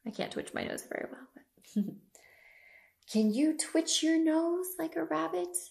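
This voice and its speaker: Animated sing-song woman reading to toddlers. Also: high-pitched, takes it slowly, vocal fry, echoey room. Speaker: children's librarian. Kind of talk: toddler story time.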